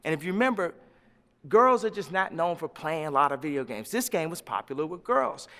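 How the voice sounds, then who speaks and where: A man talking as an interview guest, emphatic and preachy, full of slang, swinging between loud and quiet. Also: fairly high pitch, very animated, fairly quick, big-room sound. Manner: religious, uses slang. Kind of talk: animated interview talk.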